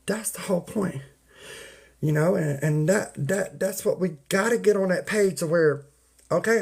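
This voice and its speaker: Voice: medium pitch, vocal fry. A livestreamer ranting to viewers in a folksy, preachy way, repeating points and greeting people in the chat by name. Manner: folksy, uses y'all and ain't. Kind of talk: casual live-stream rant to viewers.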